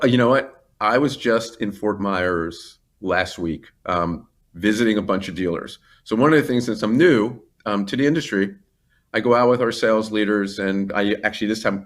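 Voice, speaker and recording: A man in a business interview, talking about his company in a rambling, enthusiastic way with many asides and restarts. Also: fairly low pitch. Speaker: company CEO, interview guest.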